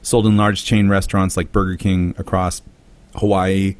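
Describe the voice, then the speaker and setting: Man, podcast co-host, casual chat, somewhat low voice, reads facts with fillers. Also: little pitch movement, moderate pace, no room sound. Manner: chatty, reads facts aloud with filler words.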